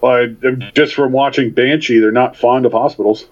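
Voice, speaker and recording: A man's voice: mid-range voice, steady tone, normal speed. A man co-hosting a casual podcast chat, tossing in sarcastic jokes and asides. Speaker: podcast co-host. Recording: dull lo-fi sound.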